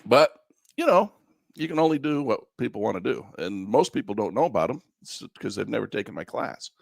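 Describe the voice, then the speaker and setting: A man with a gravelly voice teaches a live online trading class in a folksy, repetitive way, with frequent chuckles. His pitch swings up and down with emphasis. The sound is close and dry, with no room echo. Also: very animated, fairly quick. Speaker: trading instructor.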